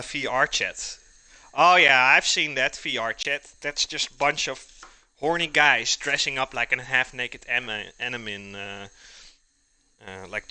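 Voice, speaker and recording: A man's voice: medium pitch, sharp tone. A man hosting a live cooking stream, chatting casually with his viewers, joking, laughing often and answering their messages while he cooks in his kitchen. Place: home kitchen.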